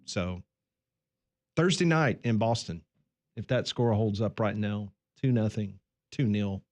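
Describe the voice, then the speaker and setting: A man hosting a sports radio show, telling stories in a relaxed, casual way and running the segment. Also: on the low side, measured pace. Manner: relaxed storytelling, runs the segment.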